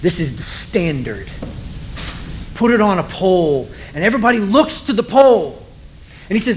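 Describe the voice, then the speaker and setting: A male pastor delivers a sermon in a noticeably high voice, bringing the story to life by acting out its characters. Faint steady hiss sits under the recording. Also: normal speed, long pauses, low-quality recording. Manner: animated storytelling, acts out voices of people in the story.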